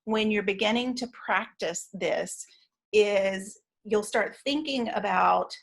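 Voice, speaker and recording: Her voice medium in pitch and creaky, a woman leads an online training session. She explains at a measured pace, often using fillers and starting over.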